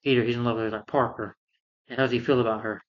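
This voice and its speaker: A man's voice: mid-range voice, steady tone, racing, muffled recording, lightly acted. A man voicing an upset young man who confronts his father urgently.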